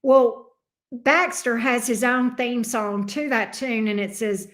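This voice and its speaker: A woman's voice: a little high, a little slow. A middle-aged woman, chatting playfully with her viewers as a tarot reader and laughing often. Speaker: tarot reader hosting a livestream. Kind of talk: casual chat with viewers.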